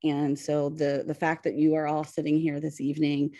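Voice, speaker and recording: A woman in her forties with a Pittsburgh accent, a high school English teacher presenting on a video call, hesitant with many fillers. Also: completely flat delivery, moderate pace, warm tone, dry recording. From western Pennsylvania. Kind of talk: webinar presentation.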